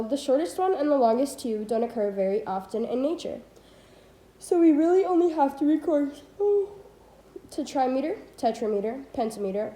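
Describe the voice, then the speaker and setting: A woman's voice: a little high, dark tone, roomy sound, poor audio. A teenage girl reading a poetry textbook aloud, stopping to correct her slips and adding asides. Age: teens. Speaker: student reading a book aloud. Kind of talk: casual read-aloud of a textbook.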